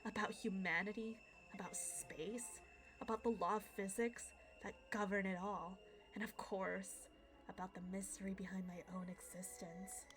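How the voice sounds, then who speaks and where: A woman reading aloud the lines of a calm, cold-hearted young man in a video game, in a measured, quietly mocking way. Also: medium pitch, music in the background, lightly acted. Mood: detached.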